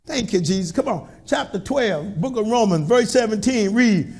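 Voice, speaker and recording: Preacher, male, very high voice, preaching cadence, folksy and punchy. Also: expressive, normal speed. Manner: call-and-response preaching, colloquial, rising to shouts. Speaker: pastor. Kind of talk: sermon.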